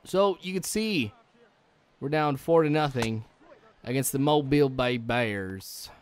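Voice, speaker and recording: A man's voice: mid-range voice, lively intonation, a little slow. A young man giving rambling, chatty let's-play commentary, full of likes and ums, chuckling now and then. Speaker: gaming channel host.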